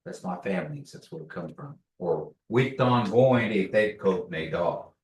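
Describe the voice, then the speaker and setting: A man teaching a language class, patiently repeating words slowly for learners. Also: deep voice, animated, slight background noise. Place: classroom, echoey room. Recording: echoey room, distant mic.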